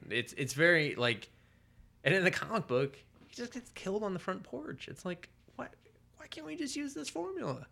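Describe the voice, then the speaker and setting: A man's voice: high-pitched, big pitch swings, normal speed, vocal fry, sharp tone. A man co-hosting a casual comedy podcast, ranting with profanity and acting out quotes in silly voices. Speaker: podcast co-host.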